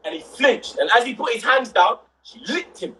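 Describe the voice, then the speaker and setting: A young man, telling a story on a casual livestream with rising excitement and shouts. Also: very high-pitched, moderate pace, husky, poor audio. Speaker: livestream co-host.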